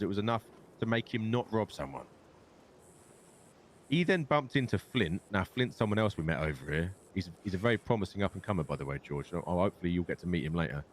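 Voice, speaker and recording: A man's voice: low voice, slight background noise. A young man with a London accent, telling a long story in character and swearing often. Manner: swears a lot, rambling storyteller. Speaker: gang leader in roleplay. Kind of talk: in-character roleplay chat.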